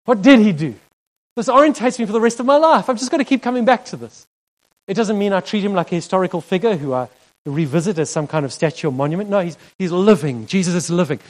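Male pastor, fairly high voice, conversational sermon delivery with frequent laughs. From South Africa. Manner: earnest, conversational, laughs often, voice rises when stressing a point. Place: church hall.

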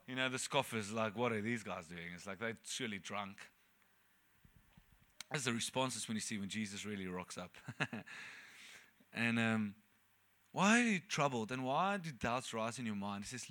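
A man preaching a conversational sermon, reading scripture and retelling it with lively asides. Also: a little high.

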